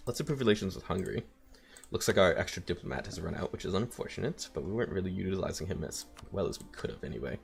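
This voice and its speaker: A let's play host with a low, gravelly voice comments casually while playing a strategy game. He thinks aloud and tosses in wry asides.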